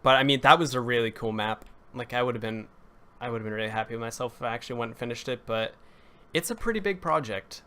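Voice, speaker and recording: A man's voice: mid-range voice, quick pace, a bit bright, clear, resonant tone. A young man live-streaming a building session, rambling and correcting himself as he greets viewers and talks to chat, his voice cracking now and then. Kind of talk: casual live-stream commentary while building.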